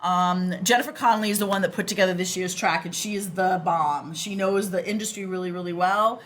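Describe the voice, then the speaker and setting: A woman's voice: on the low side, fairly quick, a bit bright. A woman with a Boston accent, a guest in a casual podcast interview, talking enthusiastically with many fillers and restarts.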